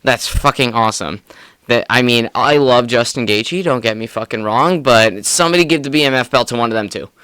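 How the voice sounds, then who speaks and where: A young man co-hosting a podcast, chatting about fights in an excitable, profane way with frequent laughs. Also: medium pitch, a little fast, clean tone, dry recording. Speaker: podcast co-host. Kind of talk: casual sports chat.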